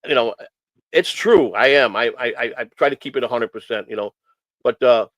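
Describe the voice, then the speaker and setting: A man talks on a casual morning stream, circling back and restarting his sentences again and again. His voice sits at an ordinary middle pitch, and the sound is dry and close. He comes across as earnest and emotional. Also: normal speed, fairly bright tone, dry recording, low-quality recording. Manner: rambling, repeats phrases, many restarts. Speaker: host of a morning stream show. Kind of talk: casual rambling talk.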